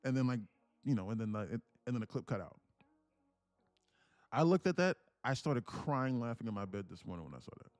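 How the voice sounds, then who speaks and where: Rambling, animated man on a livestream. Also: mid-range voice, a little fast, long pauses, no echo. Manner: rambling, repetitive, laughs while telling stories. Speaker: livestream trading host. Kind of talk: casual livestream chat.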